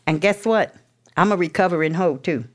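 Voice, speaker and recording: A woman's voice: on the low side, moderate pace. A woman with a New York accent telling her recovery story candidly, in a blunt, profane, street-tough way. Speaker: speaker sharing a recovery story.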